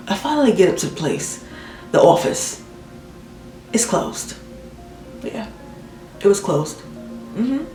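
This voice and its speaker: A woman with a medium-pitched voice speaks slowly with long pauses while doing her makeup in a room at home, casually telling a story and venting. She's animated and exasperated, acting out what people said. The recording is rough, roomy, and distant, with soft background music.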